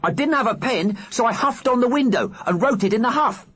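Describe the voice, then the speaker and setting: A man voicing an excitable teenage boy who talks in a high, eager, hurried voice. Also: breathy edge, exaggerated voice. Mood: excited.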